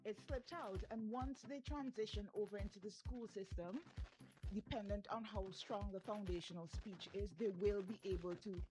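A woman's voice: mid-range voice, moderate pace, rough recording. A woman, a parent speaking earnestly and emphatically in a casual discussion. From Saint Vincent. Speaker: parent discussing children's speech.

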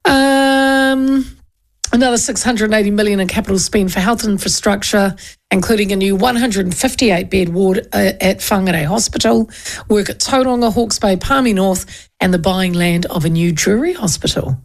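Gravelly-voiced New Zealand woman radio host. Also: medium pitch, normal speed. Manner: rambling, chatty, with many restarts. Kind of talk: casual talk radio chat and news rundown.

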